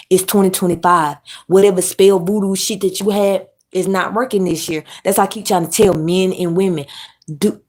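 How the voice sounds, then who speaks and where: A woman delivers a blunt, profane rant. She lectures hard in a steady, mid-range voice, talking straight at her viewers. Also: medium pitch. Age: adult mother. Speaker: commentary YouTuber. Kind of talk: ranting commentary.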